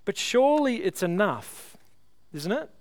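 A man's voice: high voice, big pitch swings. A man preaching a sermon at a church service, earnest and pleading, leading the congregation in prayer. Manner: earnest, pleading, builds with illustrations then slows to prayer. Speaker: pastor.

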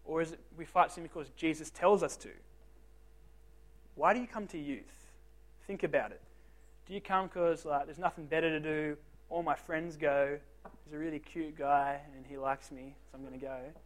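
High-voiced young man, joking youth speaker. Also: normal speed. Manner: joking, self-deprecating storyteller; talks straight to the teens with questions. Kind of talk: casual youth group talk.

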